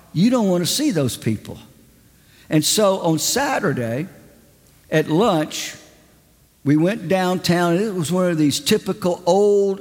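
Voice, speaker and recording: A male preacher telling anecdotes in a sermon, animated and chatty, acting out the people he quotes. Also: high-pitched, big-room sound. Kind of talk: sermon storytelling.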